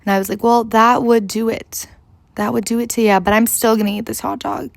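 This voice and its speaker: Young female vlogger, fry-heavy, dry room, casual rambling storyteller who swears offhand. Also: fairly high pitch, level tone, brisk, no echo.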